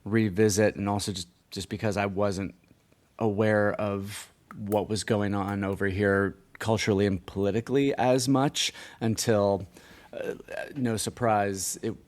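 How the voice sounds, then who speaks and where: Man in his forties, low-pitched, rambling casual chat, self-deprecating. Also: steady tone, a little slow. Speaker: podcast co-host.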